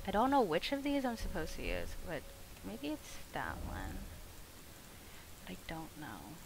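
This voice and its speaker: A woman streamer giving casual gameplay commentary, excitable and swearing, yelling at the game. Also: lowish voice, a little slow, vocal fry, background noise.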